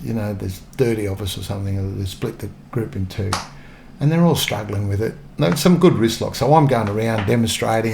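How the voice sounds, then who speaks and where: A gravelly-voiced Australian man in his sixties recounts old stories from his police days at an even, mid-range pitch. He talks casually and chuckles often, slipping into the voices of the people he quotes. There is a faint hiss behind him. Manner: anecdotal, chuckling often, acts out quoted lines. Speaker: interview guest, former police officer. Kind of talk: casual storytelling interview.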